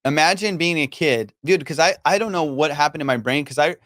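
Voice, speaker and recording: A man's voice: on the high side, a little fast, a bit bright, no room sound, studio quality. A man from Iran, a comedian guest in a casual podcast chat, talking loosely with lots of swearing and filler phrases. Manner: loose and profane, many fillers like you know.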